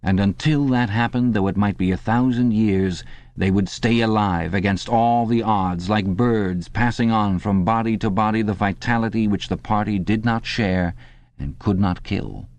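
Male narrator, lowish voice, measured dramatic reading, dry studio sound. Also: darkish tone, no echo. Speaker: audiobook narrator. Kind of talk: scripted narration.

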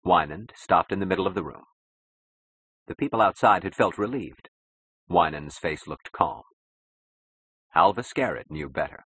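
A man narrates a novel in a very deep, low voice with a husky, breathy edge. His reading is measured and dramatic, and the recording is close and dry. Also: expressive, a bit bright, no echo, low-quality recording. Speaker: audiobook narrator. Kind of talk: scripted narration.

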